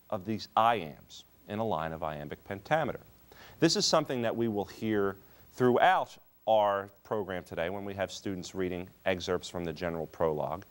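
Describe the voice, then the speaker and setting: A male teacher giving a lecture on poetry, explaining terms step by step and leaning on the key words. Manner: explanatory, stresses key terms with lively rises in pitch. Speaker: English teacher.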